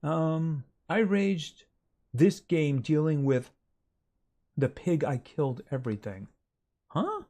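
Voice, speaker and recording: With a fairly high, darkish voice, big pitch swings, a slow pace, and long pauses, a man streams a farming game and chats casually with viewers. He talks to the game animals and reads chat messages aloud as he plays.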